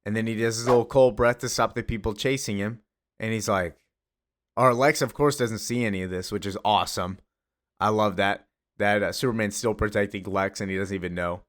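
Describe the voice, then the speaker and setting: A man's voice: on the low side, fairly even intonation, a little fast. A man casually retelling a comic story, rambling along with frequent fillers and restarts. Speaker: comics commentator.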